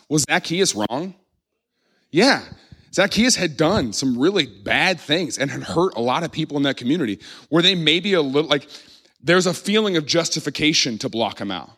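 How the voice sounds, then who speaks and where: A man from the Midwest preaches in a church, telling the story with animated energy and often breaking into laughter. He slips into little acted-out voices for the people he describes. His voice sits at an ordinary middle pitch for a man. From American Midwest. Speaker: pastor. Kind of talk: sermon.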